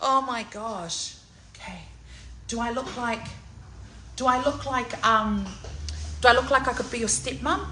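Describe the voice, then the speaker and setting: A woman, chatting excitedly in a salon vlog, loud, laughing and swearing freely. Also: on the high side, measured pace, long pauses, noisy background. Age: 40s. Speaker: singer.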